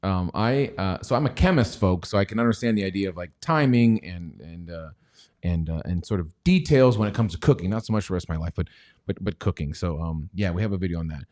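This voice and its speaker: A man's voice: low-pitched, lively intonation, fast talker, darkish tone. A man hosting a casual stock livestream, rambling and joking, sometimes dropping to near-whispers. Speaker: stock show host; chemist.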